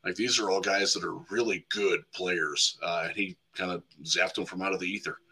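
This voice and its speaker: Brief: male podcast guest, bright and forceful tone, husky, chatty and loose. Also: low voice, steady tone, moderate pace, low-quality recording. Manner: chatty, frequent 'like' and restarts. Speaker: guest football analyst. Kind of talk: casual podcast chat.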